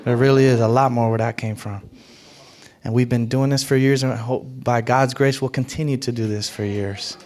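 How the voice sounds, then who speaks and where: A man preaching a sermon as pastor, emphatic and animated, with big swings in loudness. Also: medium pitch, normal speed, a little hiss or hum. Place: church hall.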